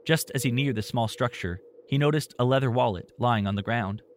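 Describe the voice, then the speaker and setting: A man's voice: mid-range voice, a little fast. Man narrating a story, faint noise.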